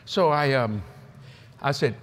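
A man preaching at a convention, telling folksy stories in an animated way with frequent laughs. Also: medium pitch, slow. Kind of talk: storytelling sermon to a live audience. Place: convention stage.

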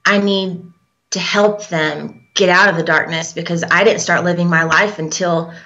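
Low, bright-toned young woman telling her story. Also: fairly even intonation. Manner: halting, hesitant, with frequent fillers. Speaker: guest. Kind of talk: personal storytelling in an interview. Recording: dull lo-fi recording.

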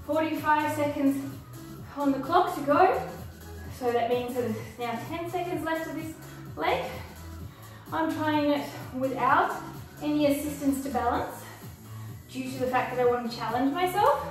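High-voiced woman leading a workout, echoey. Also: measured pace. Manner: encouraging, cueing moves and counting time. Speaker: fitness instructor. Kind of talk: guided workout instruction. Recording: echoey room, mic far off, faint music.

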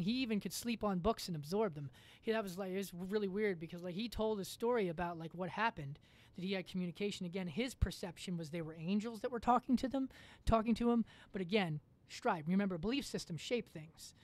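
A woman's voice: medium pitch, fast, darkish tone. A woman as a podcast guest in casual chat, rambling through a story with lots of fillers and casual swearing.

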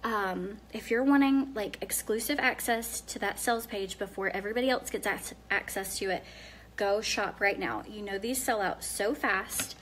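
A woman from Tennessee with a Southern accent, chatting casually on a live phone video, answering viewer comments and dropping to soft murmurs while she works. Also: medium pitch, moderate pace, slight background noise. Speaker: live-stream hair demonstrator.

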